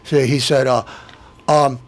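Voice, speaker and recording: A man's voice: mid-range voice, flat delivery, takes it slowly. A middle-aged man hosting his own show, telling an aggrieved story in a rambling, indignant rant full of restarts. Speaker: show host. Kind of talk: ranting monologue.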